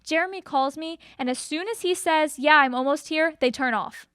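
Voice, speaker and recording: Young woman co-host, high voice, dry close sound, animated storyteller. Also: normal speed, no echo. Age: 20s. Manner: animated, acts out quotes with big pitch jumps. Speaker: podcast co-host. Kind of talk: casual storytelling chat.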